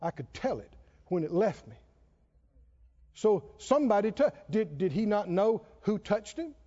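A man preaches a sermon in a high, lively voice, acting out the story with dramatic voices and driving his points home through repetition. The sound is dull and muffled, and long reverb from a large hall trails after his words. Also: unhurried. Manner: repetitive, emphatic preaching cadence.

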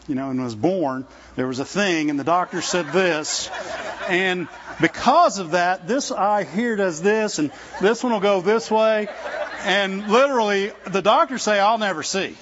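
A man preaching in a loose, chatty way, with a high, light voice. He keeps checking in with his listeners through quick rhetorical questions. The sound is a little dull and lo-fi. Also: fairly bright tone, a little hiss or hum. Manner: conversational, folksy, with laughs and rhetorical questions. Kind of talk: sermon. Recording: dull lo-fi recording.

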